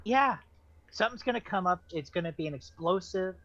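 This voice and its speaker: A man chiming in with rambling, halting jokes during a book club reading. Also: sits high, animated, fairly bright tone. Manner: rambling, halting jokey asides. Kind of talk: casual joking commentary. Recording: dull lo-fi mic.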